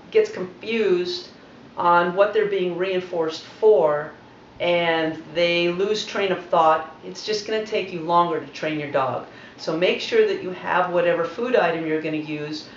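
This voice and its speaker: A woman dog trainer calmly explaining, step by step, how to train a dog. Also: lowish voice, slight background noise. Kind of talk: instructional voice-over. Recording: roomy, dull lo-fi home video audio.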